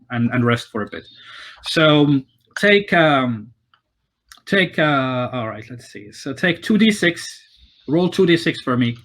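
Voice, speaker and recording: A man's voice: medium pitch, fairly bright tone. A man narrating as game master of a tabletop game, with many fillers and restarts.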